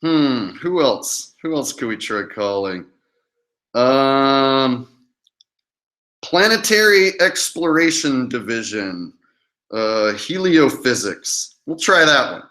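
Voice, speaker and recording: A man's voice: mid-range voice, animated, takes it slowly, bright, forceful tone. A man hosting his own livestream, talking casually in a profane, defiant way and mocking his critics. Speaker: channel host.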